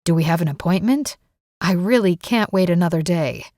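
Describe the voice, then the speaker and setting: A man's voice: high voice, moderate pace, a little mellow, dry recording, studio quality. A woman voicing a young man, an affectionate groom, in a romance audiobook. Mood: tender. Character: loving, eager young groom.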